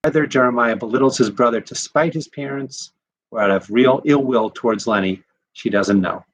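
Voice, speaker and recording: A rabbi reading a short story aloud in a measured, expressive way. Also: male voice, mid-range voice, poor audio. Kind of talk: scripted narration of a short story.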